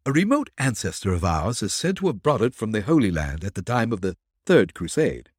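A man voicing an agreeable gentleman who speaks in a matter-of-fact way. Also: fairly low pitch, big pitch swings, brisk, slightly rough, no room sound, clean studio sound. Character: agreeable younger gentleman, the colonel's relative.

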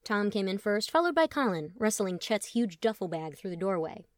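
Casting: expressive woman audiobook narrator, wry, dry close studio sound. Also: medium pitch, normal speed, no room sound.

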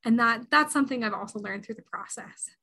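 A woman's voice: fairly high pitch, fairly quick, sharp tone. A woman in her twenties giving earnest, reflective interview answers as a podcast guest and harpist. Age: 20s. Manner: earnest and reflective, with frequent restarts.

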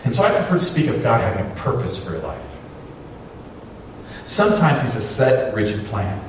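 With a sing-song delivery at medium pitch and normal speed, a pastor poses rhetorical questions to his congregation during a sermon. The recording places him far off in an echoey hall amid background noise.

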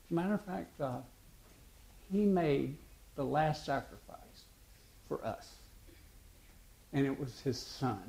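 A man preaching a sermon, telling stories and acting out the dialogue in a halting, conversational way. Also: medium pitch, lively intonation, vocal fry, warm tone. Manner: storytelling, acts out dialogue with halting restarts.

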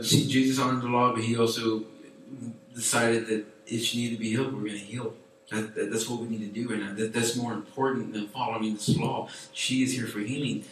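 A man preaching to a youth group in a chatty, animated way with many fillers. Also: medium pitch, a little hiss or hum. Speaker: youth pastor. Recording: echoey room from far off.

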